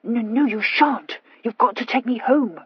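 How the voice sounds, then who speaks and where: A woman voicing a flustered, impatient young Regency lady who stammers in high-strung urgency. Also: a little slow, breathy edge, no echo, highs cut off.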